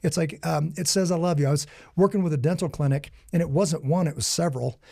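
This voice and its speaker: A man speaking as a podcast guest, rushing through animated stories with fervent, almost preacher-like conviction. His voice has a dark, gravelly grain and sits a bit high for a man. The sound is dry and close, with no room around it. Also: dry recording. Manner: animated storyteller, acts out quoted dialogue. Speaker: podcast guest, security company founder. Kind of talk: conversational interview.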